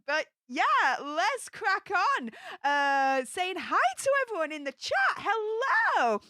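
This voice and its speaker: Bubbly high-voiced woman streamer. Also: bright, forceful tone, no room sound, clean studio sound. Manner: bubbly, chatty, greeting viewers one by one. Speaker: livestream host. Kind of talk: casual livestream chat. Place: home studio.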